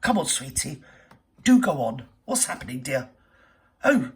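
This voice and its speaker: A woman's voice: extremely low pitch, sing-song, unhurried, recorded from a distance. A woman hosting a reaction video with camp, theatrical, sarcastic comedy commentary.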